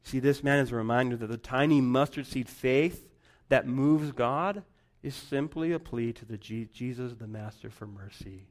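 A man preaching a sermon, rising to loud emphatic lines and dropping to near-whispers. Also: mid-range voice. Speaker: pastor.

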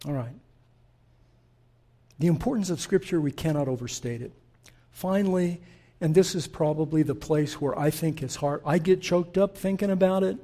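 A man preaching in a church with a fairly high voice. He is impassioned and direct with the congregation, swinging between hushed, quiet passages and loud, fervent peaks. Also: moderate pace, long pauses. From Middle East. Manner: direct, talks straight to the congregation. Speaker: pastor. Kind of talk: sermon.

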